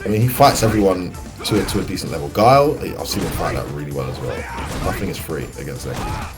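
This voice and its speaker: A British man giving excitable, chatty live commentary on a fighting-game match. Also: low-pitched, fast, music in the background. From United Kingdom. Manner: excitable, chatty, laughs often. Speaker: esports commentator.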